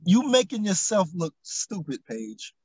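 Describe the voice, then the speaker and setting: A man's voice: high-pitched, sing-song, measured pace, darkish tone. A man co-hosting a casual review chat, blunt and teasing. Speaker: co-host reviewing a reality show.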